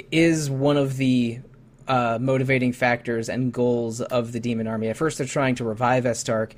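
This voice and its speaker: A podcast host talking in a relaxed, halting way. His voice sits at an ordinary middle pitch, and he often restarts his sentences. He chuckles now and then. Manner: halting, many restarts and fillers. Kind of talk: casual chat.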